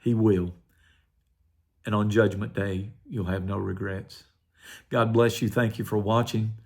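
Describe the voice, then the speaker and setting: Older male pastor, gravelly, earnest testimony. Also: lowish voice, steady tone, measured pace. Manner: earnest, quietly emotional storytelling. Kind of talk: personal testimony.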